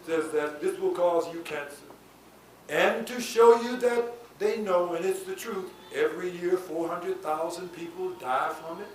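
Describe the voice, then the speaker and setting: A man preaching a sermon, dropping to low asides and rising to shouted, sing-song peaks. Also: a little slow. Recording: echoey hall from far off with faint noise.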